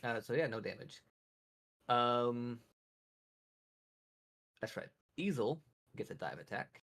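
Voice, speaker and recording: A man runs a tabletop game session in a loose, chatty way and laughs often. His voice is gravelly and his pitch moves a lot. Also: animated, slow, fairly bright tone. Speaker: game master. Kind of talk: running a tabletop game, casual.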